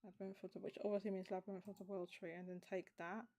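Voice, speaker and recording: A woman hosting a casual livestream chat, thinking aloud with halting restarts as she works something out. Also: medium pitch, little pitch movement, warm tone. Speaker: show host.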